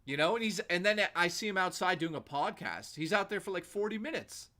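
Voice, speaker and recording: A man's voice: high voice, lively intonation, fast talker, few pauses, pushed and bright. A male livestream host telling rambling, profane anecdotes in a casual way, with lots of "like" fillers.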